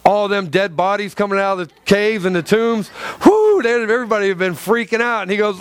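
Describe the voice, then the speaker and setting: A man preaching a sermon in a church, impassioned and repetitive, acting out quoted lines with swings between loud and soft. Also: high-pitched, animated, moderate pace, few pauses, clean tone, dry recording.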